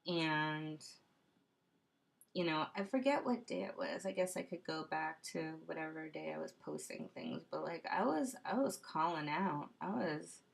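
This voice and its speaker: Female vlogger, home webcam, casual monologue, gravelly fry, self-questioning ramble. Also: low voice, expressive, measured pace. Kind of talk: casual late-night monologue to camera. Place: room at home. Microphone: computer webcam.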